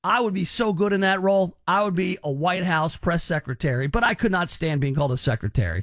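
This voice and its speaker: A man's voice: high voice, expressive, a little fast, hardly any pauses, fairly bright tone, dry recording, clean studio sound. A man hosting a radio talk show, chatty and joking with rambling asides. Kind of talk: casual radio show chat.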